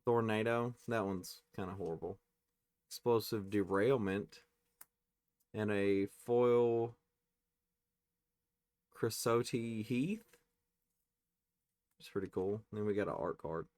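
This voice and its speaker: A man hosting a casual pack-opening video, reading card names aloud and tossing in quick offhand reactions. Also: fairly low pitch, darkish tone, dry recording. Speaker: card-opening channel host.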